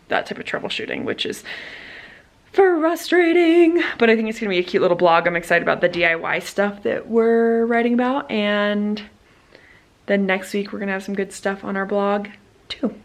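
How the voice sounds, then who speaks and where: A woman's voice: medium pitch, creaky. A young woman vlogging casually, rambling about her day with lots of fillers. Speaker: vlogger and teacher. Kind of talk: casual vlog chat.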